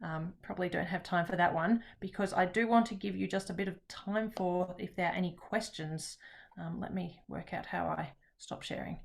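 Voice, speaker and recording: A woman presenting to teachers in an online session, talking in a relaxed, chatty way with frequent pauses. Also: lowish voice, vocal fry.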